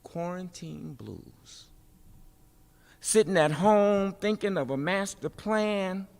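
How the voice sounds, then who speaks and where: A woman performing spoken-word poetry with rhythmic, emphatic refrains and dramatic pauses, then speaking informally at a festival event. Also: fairly low pitch, lively intonation, creaky, darkish tone. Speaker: poet and city politician speaking at a festival. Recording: long reverb of a large hall.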